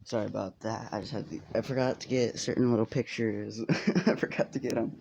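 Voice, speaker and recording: A man's voice: lowish voice, steady tone, a little fast, creaky, darkish tone, muffled recording, slight background noise. A man casually telling a fan story, rambling with lots of fillers and swearing.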